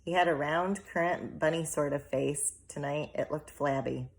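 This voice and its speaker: A woman reading a children's novel aloud, in steady, measured narration. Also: sits low. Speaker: audiobook reader. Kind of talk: storybook narration.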